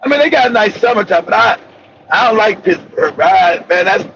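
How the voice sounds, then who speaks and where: A man hosting a casual talk show, telling rambling, profane stories with bursts of shouting. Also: high voice, animated, brisk, gravelly, a little hiss or hum. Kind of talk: casual storytelling chat. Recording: dull lo-fi audio.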